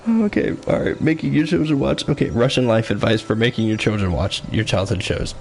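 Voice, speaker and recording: A man's voice: medium pitch, brisk, creaky, a little mellow, slight background noise. A man streaming a game live, chatting casually and giggly, often breaking into laughter. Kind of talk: casual live-stream chat while gaming. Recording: faint game music underneath.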